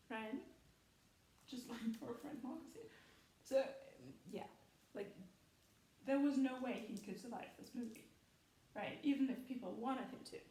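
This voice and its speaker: Laughing often and rambling through plenty of filler words, a female film commentary vlogger chats casually. Her high-pitched voice has a warm tone, and the distant, off-mic recording sounds echoey.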